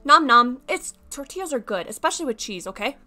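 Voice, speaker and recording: High, lively, bright-voiced woman streamer. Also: fast, faint music behind. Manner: playful and giggly, swings between mumbling and yelling. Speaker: VTuber streamer. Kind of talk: casual live-stream chat while gaming.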